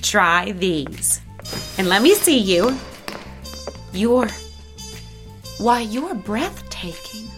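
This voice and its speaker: An actress playing a polished saleswoman in an audio drama, speaking in a smooth, solicitous way. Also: medium pitch, big pitch swings, drawn-out words, pauses often, faint music behind. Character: polished woman, attentive dress shop saleswoman.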